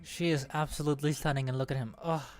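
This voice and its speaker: A woman streaming a game, chatting excitedly while pulling for rewards, squealing and laughing at good results and muttering when they are bad. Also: low-pitched, fast. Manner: squealing bursts of excitement, then deflated mumbling. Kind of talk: excited gacha-pull stream chat.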